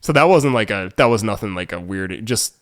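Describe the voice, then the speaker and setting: A young man with a New England accent co-hosts a podcast and tells a story at an easy, rambling pace. His voice sits on the low side, and he trails through fillers and restarts. The recording is dry and close, with almost no room sound. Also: lively intonation, fairly quick, a bit bright, dry recording. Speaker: podcast co-host. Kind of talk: casual chat.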